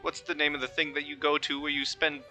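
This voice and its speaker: A man's voice: a little high, level tone, fast, bright, forceful tone, faint music behind. A man voicing a nervous, flustered male carnival manager who stammers and pleads.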